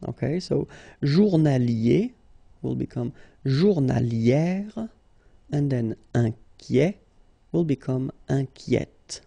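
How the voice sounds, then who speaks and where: A man's voice: mid-range voice, lively intonation, creaky, mellow, no echo. A man with a French accent teaching a language lesson, patient and explanatory. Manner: patient and explanatory, slow and deliberate.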